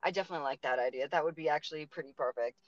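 A woman's voice: low voice, very fast, dry recording, highs cut off. Chatty Boston woman hosting a show. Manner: chatty, lots of fillers and likes. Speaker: podcast host. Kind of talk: casual interview chat.

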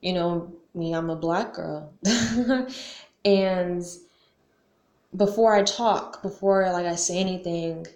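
A young female vlogger takes it slowly, her fairly low voice a little mellow as she talks casually to camera. She uses slang, asks many questions, says "like" often, and curses now and then, in a recording with roomy echo.

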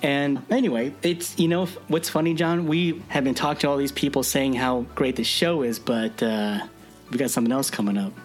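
A man's voice: mid-range voice, fairly even intonation, brisk, soft background music. A man co-hosting a podcast in casual chat, giggly and self-mocking. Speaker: podcast co-host.

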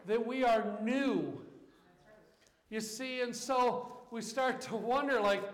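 High-pitched man preaching in an echoey hall. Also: unhurried. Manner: passionate preaching, rising to shouts and dropping to quiet. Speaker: pastor. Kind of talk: sermon.

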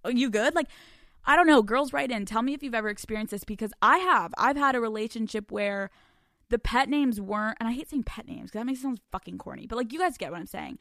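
A young woman hosting a casual advice podcast, profane and animated, often laughing and acting out quotes. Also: on the high side, quick pace, no echo, clean studio sound. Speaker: podcast host answering listener questions.

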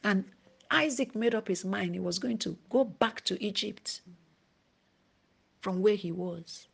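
A woman preaching a sermon, dropping to a hushed whisper at times and rising to emphasis. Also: mid-range voice, measured pace, vocal fry, slightly rough.

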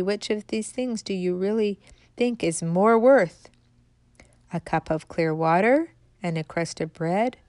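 A woman voicing a mysterious stranger who asks measured, searching questions. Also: mid-range voice, dry recording, studio quality, natural voice. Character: mysterious stranger, calm, probing and wise.

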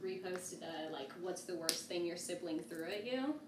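A woman's voice: fairly low pitch, normal speed, recorded from a distance. A woman guest on a podcast, chatting casually and filling her talk with "like.". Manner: chatty, constant "like" fillers. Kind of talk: casual conversation. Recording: roomy and off-mic with noise.

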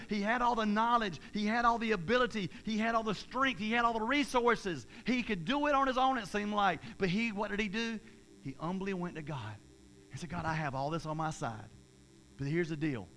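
A man, preaching a sermon in an energetic, emphatic way, with repeated phrases and restarts. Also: fairly high pitch, a little hiss or hum.

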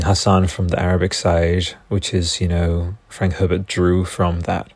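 An Australian man hosting a casual solo podcast, swearing freely and wandering off on excited tangents. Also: low-pitched, no echo. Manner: profane, excitable, goes off on tangents. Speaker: podcast host.

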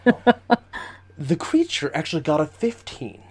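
A man's voice: a little high, big pitch swings, unhurried, slightly rough. A man running a tabletop game as game master, narrating the action vividly and chatting with frequent fillers.

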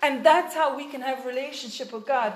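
A woman's voice: high-pitched, a little fast, roomy sound. A woman preaching a sermon in an earnest way, with frequent fillers and restarts.

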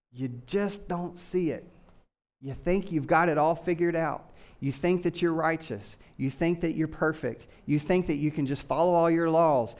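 A pastor giving a conversational sermon, full of rhetorical questions and calls for agreement. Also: male voice, on the high side. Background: live congregation.

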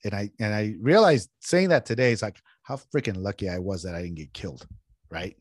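A middle-aged man from California chatting casually as a podcast host, telling stories with big swings in pitch and cursing when annoyed. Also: brisk, no echo, clean studio sound. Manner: animated storyteller, swears freely, jumps in pitch when riled up. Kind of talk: casual chat.

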